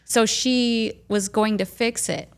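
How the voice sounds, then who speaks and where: A woman's voice: fairly high pitch, fairly even intonation, slow, gravelly, smooth. A woman with a Midwestern American accent co-hosting a podcast, chatty and self-deprecating as she tells stories. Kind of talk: casual podcast conversation.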